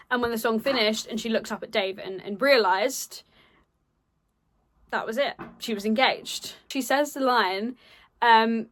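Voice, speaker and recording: A young woman, a drama student, casually presenting her project in a chatty way with playful asides and frequent ums. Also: on the high side.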